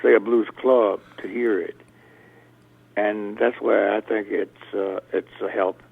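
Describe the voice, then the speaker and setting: An older blues musician talking as a radio interview guest, rambling through stories with many restarts. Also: male voice, lowish voice, steady tone, takes it slowly, vocal fry. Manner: rambling storyteller, restarts often. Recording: tinny phone line.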